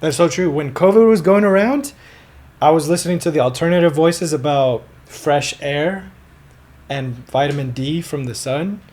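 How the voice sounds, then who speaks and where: A man's voice: a little high, moderate pace, darkish tone. Easygoing male podcast host. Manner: easygoing, asks questions and shares opinions. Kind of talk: casual podcast chat.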